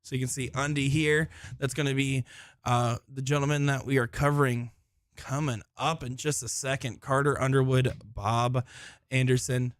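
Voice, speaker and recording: A man's voice: medium pitch, fairly even intonation, normal speed, dry recording. Casual guy doing live darts commentary, medium voice, chatty and jokey, dry close sound. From Florida. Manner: chatty, joking, self-deprecating. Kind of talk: live solo sports commentary and chat. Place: busy tournament room, indoors.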